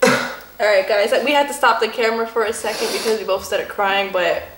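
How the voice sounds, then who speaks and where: A woman's voice: mid-range voice, fairly quick, background noise. A young woman co-hosting a casual home vlog, giggly and emotional, often repeating herself. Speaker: vlog co-host, girlfriend. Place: home room at Christmas. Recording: echoey room.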